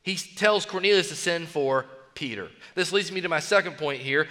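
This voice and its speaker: Male pastor, high bright voice, emphatic exhorting sermon with long hall reverb. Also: a little fast, few pauses. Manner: emphatic, exhorting with repeated phrases.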